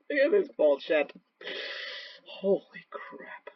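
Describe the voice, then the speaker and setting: Swearing, yelling gamer on a laptop mic. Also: male voice, medium pitch, measured pace, pauses often, slightly rough, highs cut off. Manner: profane, erratic outbursts and yelling; rambling self-talk. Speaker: gaming channel host. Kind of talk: gaming commentary.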